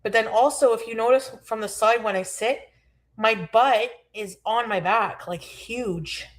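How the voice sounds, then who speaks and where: A woman's voice: on the high side, measured pace. Complaining woman in her forties. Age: 40s. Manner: complaining, rambling. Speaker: streamer in a reacted clip. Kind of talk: casual livestream chat.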